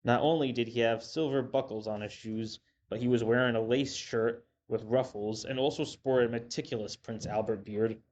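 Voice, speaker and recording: A man reading a story aloud in a steady, measured narration. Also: medium pitch. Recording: dull lo-fi with faint hiss.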